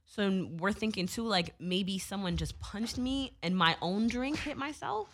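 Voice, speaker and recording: A young woman casually telling a story, animated, swearing freely with lots of fillers. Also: mid-range voice, unhurried.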